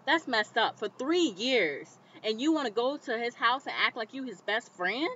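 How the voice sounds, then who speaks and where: A woman vlogger recapping a TV episode in casual commentary, animated and indignant, talking straight to the viewer. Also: on the high side, moderate pace, a little hiss or hum. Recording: slightly dull lo-fi recording.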